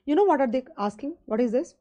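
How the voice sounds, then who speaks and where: Speaking fast in a high-pitched, expressive voice with a dark tone, a woman with an Indian English accent lectures on finance in a live online session. She chats and rambles, filling the talk with fillers and questions for her students.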